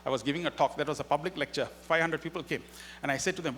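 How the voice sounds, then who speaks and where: A man's voice: fairly high pitch, very fast, fairly bright tone. A man giving an inspirational spiritual talk at a festival as a guest speaker, telling stories animatedly and acting out their dialogue. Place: festival hall.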